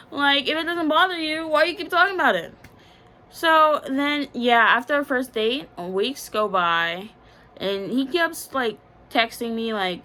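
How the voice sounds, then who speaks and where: A woman's voice: on the high side, bright, forceful tone. A young woman from the Bahamas, telling a candid, slangy storytime about a past relationship. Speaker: vlogger. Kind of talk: storytime vlog.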